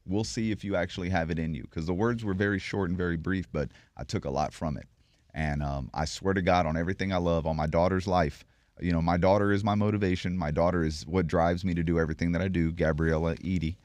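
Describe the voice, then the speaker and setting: Male guest, very low voice, earnest storyteller, dry close studio sound. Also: steady tone, fast, darkish tone, dry recording. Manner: earnest, swears on things. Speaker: guest, MMA promoter. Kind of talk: personal storytelling.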